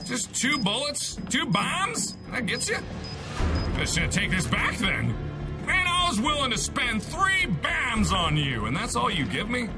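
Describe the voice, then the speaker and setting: A young man joking his way through a horror game, his voice high and swinging wildly up and down as he exclaims and teases. Loud game music runs right under his talk. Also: wildly swooping pitch, a little slow. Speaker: host. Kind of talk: let's-play commentary.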